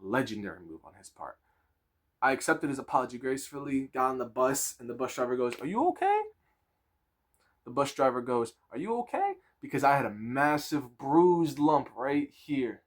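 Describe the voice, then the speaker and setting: A man in his twenties telling a casual storytime with crude slang, animated and laughing. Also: mid-range voice, moderate pace.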